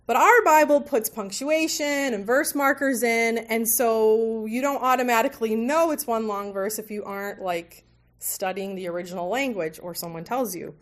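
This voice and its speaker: A woman with a fairly high voice teaches a Bible study group. She talks in a relaxed, conversational way, with small jokes and mid-sentence self-corrections. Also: normal speed. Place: meeting room with tables.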